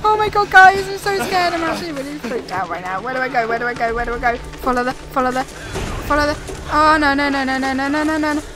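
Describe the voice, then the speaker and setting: A woman's voice: high-pitched, fast. A young woman giving frightened, rambling live commentary on a horror game, often repeating herself and talking to her viewers. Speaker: gaming video creator. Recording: noisy background.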